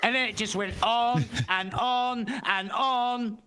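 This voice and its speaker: A blunt, sweary man on a live panel with a high, sharp, bright voice. A faint noise sits under his line. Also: steady tone, slow. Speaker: panel guest. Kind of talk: live round-table chat.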